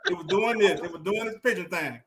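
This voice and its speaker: A man from Atlanta, joking and telling stories in relaxed live-stream banter. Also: sits high, fast talker, background noise. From Atlanta, Georgia. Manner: laid-back, joking, storytelling. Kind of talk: casual banter.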